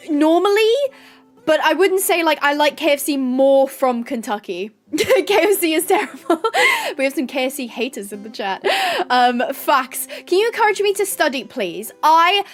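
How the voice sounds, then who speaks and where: Bubbly young woman streamer w a high voice, chatting w her chat from her bedroom, laughs a lot. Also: a bit bright. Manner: bubbly, reads chat aloud, laughs often. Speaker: livestream host. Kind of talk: casual livestream chat.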